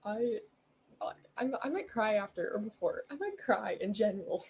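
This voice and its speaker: Young female podcast host, excitable and rambling; mellow tone, light background noise. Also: medium pitch, normal speed, gravelly, rough recording. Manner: bubbly, rambling, giggly. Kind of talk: casual solo podcast chat.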